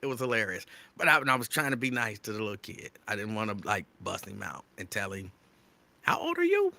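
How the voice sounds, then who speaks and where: Excitable man with a bright, loud voice. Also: on the low side, quick pace, creaky. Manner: loud and excitable, near yelling. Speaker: radio host. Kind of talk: live show shout-outs to listeners.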